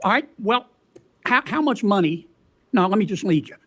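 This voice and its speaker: Man, high voice, folksy drawl, leading questions, hearing-room questioning. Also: animated, normal speed, sharp tone, husky.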